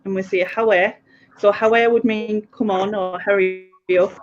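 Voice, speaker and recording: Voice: mid-range voice, fairly even intonation, moderate pace. A speaker with a Sunderland Mackem accent, playfully explaining local words in a casual chat. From Sunderland, England. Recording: dull lo-fi audio.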